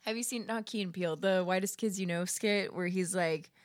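A woman's voice: lowish voice, a little fast, a crowd in the background. A young woman co-hosting a podcast in casual chat, laughing often and retelling comedy sketches. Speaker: podcast co-host.

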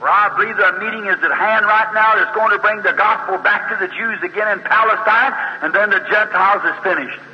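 A man preaches a fiery revival sermon, acting out the voices in his story and rising to high, urgent exclamations. His voice sits high. The recording is dull and lo-fi, with a long hall reverb and faint hiss behind him. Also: fairly even intonation, a little fast, hardly any pauses.

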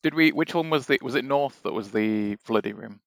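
A man's voice: medium pitch, a little fast, creaky, no echo. A young man co-hosting a casual game session with friends, joking around and laughing often. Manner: playful, laughs often, swears when frustrated. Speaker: game co-host. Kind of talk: casual let's-play chat.

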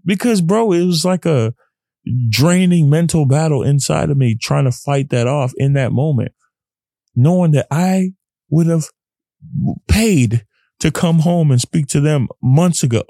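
A man's voice: on the high side, measured pace, warm tone, no echo, clean studio sound. A young man hosting a casual solo podcast, talking in an earnest, rambling way. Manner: rambling, earnest, often acts out his own inner voice. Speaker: podcast host.

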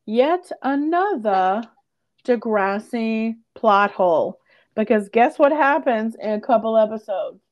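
A young woman casually recapping a TV episode on a podcast, animated and acting out the characters' lines with lots of "like". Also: on the high side, slow, highs cut off. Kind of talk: casual chat.

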